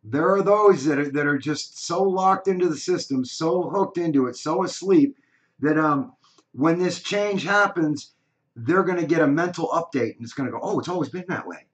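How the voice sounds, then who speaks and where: Calm, agreeable male stream host. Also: fairly high pitch, moderate pace. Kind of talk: casual call-in chat.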